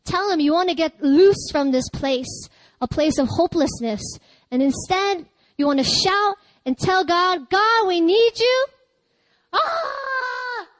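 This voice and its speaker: Preaching a little slowly, a female pastor keeps her sermon lively and conversational, often laughing and bursting into loud cries. The high voice is captured close to the mic with no echo or room sound, on a low-quality recording.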